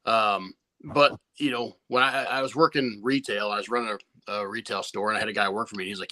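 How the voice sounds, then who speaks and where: A man with a bright, forceful voice recounts his competition barbecue past in an easygoing guest interview. He talks loosely and profanely, circling back and restarting his sentences. The sound is close and dry, with no room echo. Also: on the low side, fairly even intonation, quick pace. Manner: laid-back, swears freely, many restarts. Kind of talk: casual storytelling interview.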